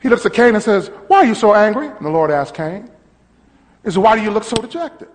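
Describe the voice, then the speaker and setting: A man pastor preaching a sermon, teaching a congregation and calling out to them, his voice rising to shouts. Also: high voice, sing-song, fairly quick, in a large hall. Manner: call-and-response preaching, swelling to shouts.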